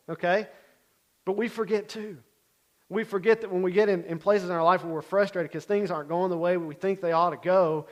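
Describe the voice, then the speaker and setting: A man with a somewhat high voice teaches a sermon in a relaxed, conversational way. He keeps checking in with his listeners, and his delivery swings between loud, emphatic bursts and quiet asides. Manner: conversational, checks in with frequent "okay?". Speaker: Bible teacher.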